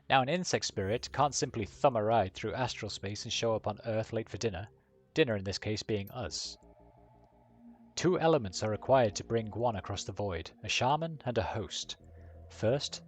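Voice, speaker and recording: A man's voice: fairly low pitch, husky. A flamboyant, painted elf from a game , read by a male streamer. The elf explains things in a breezy, wry manner, dropping dry jokes along the way.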